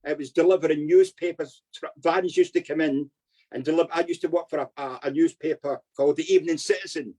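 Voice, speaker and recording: A man's voice: a little high, steady tone, fast, mellow, slightly rough, poor audio. An older man with a Scottish accent, a guest recounting his past in a long, rambling interview, often asking "you know what I mean". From Scotland. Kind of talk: storytelling interview.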